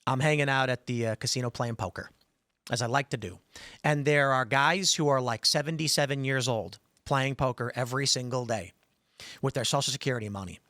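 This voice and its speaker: A man hosting a podcast, telling stories in an animated way and acting out the voices in them. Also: medium pitch, brisk, dry recording, studio quality. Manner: animated storyteller, acts out quoted voices. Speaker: podcast host. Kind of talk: casual talk-show chat.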